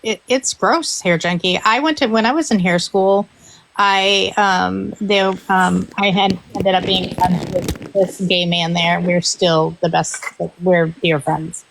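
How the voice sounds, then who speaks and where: A woman's voice: fairly low pitch, steady tone, unhurried, creaky, fairly bright tone, slight background noise, low-quality recording. A woman, a hairstylist, in casual live stream chat, telling a story in an earnest, emphatic way.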